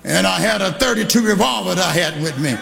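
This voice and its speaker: An older man preaching a sermon, telling a story and shouting to a congregation in call-and-response. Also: sits high, lively intonation, quick pace, creaky. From Texas. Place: church hall. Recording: live in a reverberant church with congregation.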